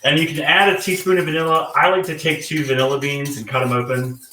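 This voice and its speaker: A man's voice: a little high, fairly even intonation, fast talker, sharp tone. A man from the American South, a guest cook chatting casually while he cooks, rambling with many fillers and restarts. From Southern United States. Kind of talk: casual chat while cooking. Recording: echoey room, distant from the mic, faint noise.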